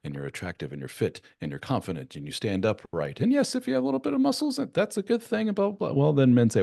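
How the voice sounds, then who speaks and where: A man hosting an interview, talking at length in a conversational, animated way and acting out the people he quotes. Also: mid-range voice, fairly quick, gravelly, no room sound, studio quality. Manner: animated, acts out quoted voices. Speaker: podcast host.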